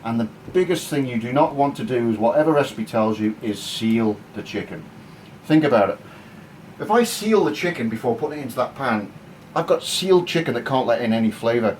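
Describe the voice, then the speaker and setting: A man's voice: medium pitch, lively intonation, brisk, a little mellow, a little hiss or hum, low-quality recording. A man giving a casual, cheeky and crude cooking demonstration in his home kitchen. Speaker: home cook.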